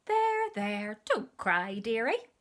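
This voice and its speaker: Kindly workman in a storybook put on by a woman reader, jolly and loud. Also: on the high side, sing-song, takes it slowly. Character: friendly cheerful window cleaner man.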